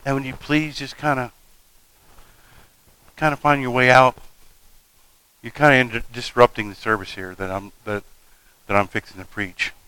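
Man doing a soft, low, hesitant preacher, too polite to be firm; sermon aside. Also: fairly even intonation, normal speed, long pauses, smooth, no echo, close to an everyday voice, low-quality recording. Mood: timid. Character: timid, overly polite male preacher. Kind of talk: mock scene in a sermon.

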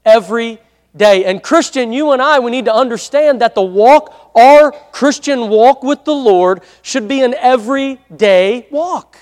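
A man's voice: very high-pitched, a little slow, darkish tone. A male pastor preaching a sermon in a conversational way, often asking for an amen. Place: church hall. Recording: long hall reverb.

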